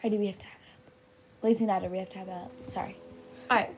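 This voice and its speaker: A woman's voice: medium pitch, fairly even intonation, very fast, slight background noise. A young woman chatting casually while playing a game, giggly and blurting out reactions. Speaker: gaming YouTuber. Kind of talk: casual let's-play chat.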